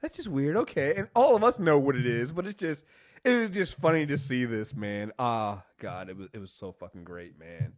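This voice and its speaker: A man co-hosting a casual TV review podcast, animated, acting out scenes and laughing often. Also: mid-range voice, normal speed. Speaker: podcast co-host.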